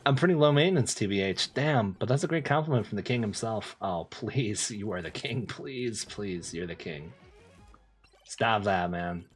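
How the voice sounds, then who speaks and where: Husky, lively young male streamer. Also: lowish voice, moderate pace, soft background music. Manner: laid-back slang, lots of laughing and repeating himself. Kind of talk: casual gameplay streaming, reading chat.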